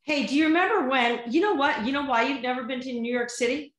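A woman from Vermont co-hosting a podcast, talking loudly and with animation. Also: high-pitched, fast talker. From Vermont, USA. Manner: loud, projecting, animated. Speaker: podcast co-host. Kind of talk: casual chat. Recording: roomy echo.

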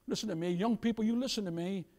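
Man, pastor, sermon, high-pitched, emphatic calls to the church. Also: quick pace, a little mellow. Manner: preaching with rising emphatic calls, addresses the congregation as beloved.

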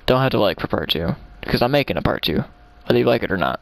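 A man's voice: on the low side, sing-song, fast talker, gravelly, no room sound. A man hosting his own gaming channel, giving casual commentary as he builds, rambling and talking to himself with frequent chuckles. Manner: chuckles often.

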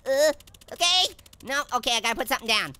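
This gameplay commentator voices a hyper, giggly orange in a goofy let's play, rambling and joking and laughing at her own gags. She talks quickly with an expressive, bright, forceful tone that comes out squeaky, bouncy, and silly.

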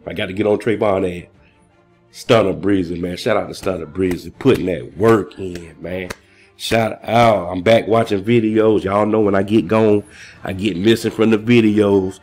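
A man talking casually and excitedly in a rambling vlog, full of slang and shout-outs, a little out of breath. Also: fairly low pitch, normal speed, soft background music. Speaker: crypto vlogger.

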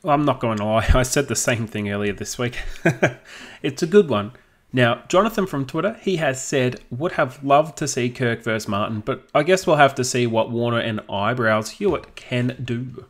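An Australian man co-hosting a casual podcast, easygoing and quick to laugh while reading listener questions. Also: medium pitch, animated. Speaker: podcast co-host.

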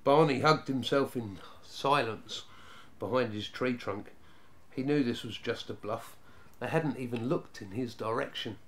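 A man narrating a children's storybook in a steady, even reading voice. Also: medium pitch, unhurried.

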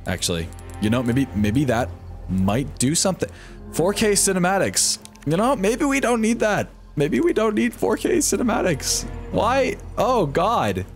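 Flustered young male streamer, higher voice. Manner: flustered, swearing, talking to chat. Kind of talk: casual live-stream chat. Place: home room with computer.

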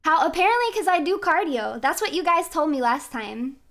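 High-voiced giggly woman streamer. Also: expressive, brisk, fairly bright tone. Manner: giggly, laughs often, playful. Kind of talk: casual chat while gaming.

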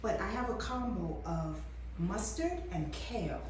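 A woman's voice: medium pitch, animated, a little slow, a little mellow. A woman chef hosting a cooking demonstration, chatty and encouraging as she talks straight to the viewer. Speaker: chef and host. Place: kitchen at a coffee company. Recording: echoey room, mic far off, background noise.

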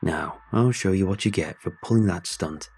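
A man voicing a big, violent male home invader who yells menacing threats. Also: low voice, normal speed, husky.

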